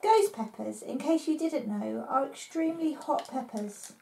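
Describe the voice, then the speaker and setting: A woman reads a children's adventure story aloud, steady and plain. Her voice sits high and the recording carries a roomy echo. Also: measured pace, vocal fry. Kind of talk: read-aloud story narration.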